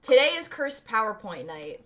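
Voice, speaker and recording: A woman's voice: fairly high pitch, moderate pace. A woman in her twenties hosting a casual livestream, giggly and a little tipsy, chatting to her viewers. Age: 20s. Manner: giggly, animated, talks to chat. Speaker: streamer host.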